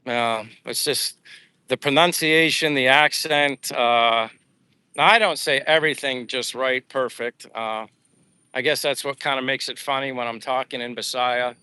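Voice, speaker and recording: A man's voice: medium pitch, fairly even intonation, measured pace, pushed and bright, smooth. A man from the United States chatting casually on a live stream while out on his daily walk outdoors, reading viewer comments aloud with lots of fillers. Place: outdoors on a seaside boulevard.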